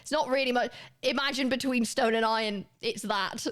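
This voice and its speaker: A woman's voice: on the high side, fairly even intonation, normal speed, a bit bright. Chatty young woman streaming a game. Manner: chatty, laughing, swears, talks to chat. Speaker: live streamer. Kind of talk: casual gaming livestream chat.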